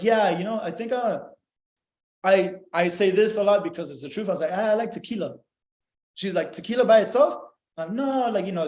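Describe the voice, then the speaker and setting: A young man casually telling a story as a podcast guest, animated and profane, often acting out bits of dialogue. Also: sits high. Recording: echoey room.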